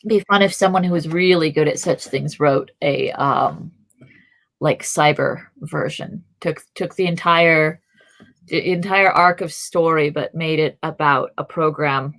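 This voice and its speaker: Rambling woman podcast host, low voice. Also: unhurried, a bit bright. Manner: rambling, thinks aloud with fillers and restarts. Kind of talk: casual chat.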